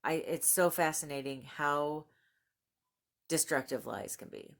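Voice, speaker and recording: Low-voiced, gushing woman book vlogger. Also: measured pace. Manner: gushing and excitable, laughs often. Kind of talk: casual book haul chat, reading blurbs aloud.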